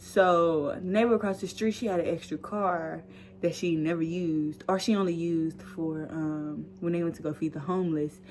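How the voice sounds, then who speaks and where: A young woman vlogger telling a story casually, animated and acting out the dialogue. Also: on the low side, moderate pace, a little hiss or hum.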